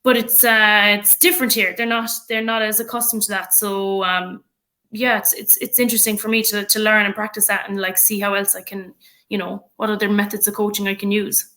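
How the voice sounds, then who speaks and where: A woman with an Irish accent, chatting as a podcast guest in an animated way, with many fillers and frequent laughs. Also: medium pitch, a little fast. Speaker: podcast guest, rugby player and coach. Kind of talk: casual chat.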